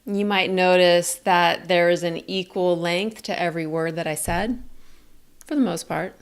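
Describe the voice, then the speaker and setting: A woman teaching a communication lesson in a calm, clear, explaining way. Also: lowish voice. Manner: calm, explains slowly and clearly, demonstrates statements. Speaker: communication coach.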